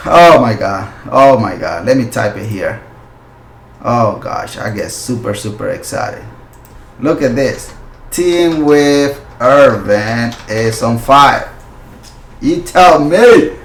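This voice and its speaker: A male forex channel host giving live market analysis, excitable and slipping into loud hype and exclamations, with non-native English phrasing. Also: medium pitch, unhurried, roomy sound, a little hiss or hum.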